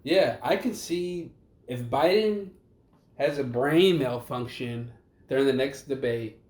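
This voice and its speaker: A man's voice: medium pitch, takes it slowly, darkish tone. A young man co-hosting a casual podcast, rambling and profane, trailing off mid-thought. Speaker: podcast co-host. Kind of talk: casual chat. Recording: echoey room, faint background noise.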